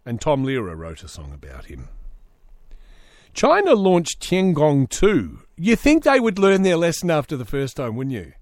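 A man's voice: medium pitch, huge pitch swings, a little fast, few pauses, no room sound, studio quality. A man hosting a solo comedy podcast, reading news aloud with sarcastic asides. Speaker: podcast host.

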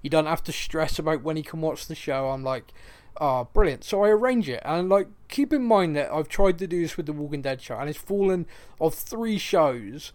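A man's voice: a little high, normal speed. A man with a Bristolian accent co-hosting a podcast, chatting casually and telling a story with lots of laughs. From Bristol, England. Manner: animated storyteller, laughs often. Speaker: podcast co-host. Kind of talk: casual chat.

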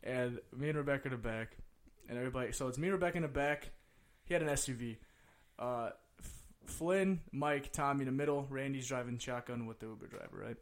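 Young man, fast and loose, swearing co-host telling a party story. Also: mid-range voice. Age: 20s. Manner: rowdy, profane, laughing often. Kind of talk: casual storytelling chat.

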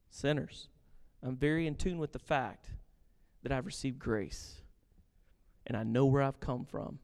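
A man preaching a sermon, animated, switching between quiet asides and loud acted-out quotes. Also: mid-range voice, vocal fry, clean tone, long reverb tail. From grew up on a farm. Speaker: pastor.

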